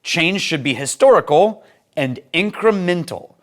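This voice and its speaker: A man hosting a casual whisky tasting vlog and giving advice. He is animated and opinionated, laughs often, and rushes through his asides. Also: fairly high pitch. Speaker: whisky reviewer and host.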